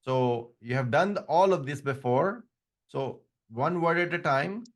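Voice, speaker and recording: A man's voice: fairly high pitch, expressive, measured pace. A man who speaks English as a second language, teaching an Arabic grammar class and explaining patiently with frequent restarts. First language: not English; another language first. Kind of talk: online class lecture.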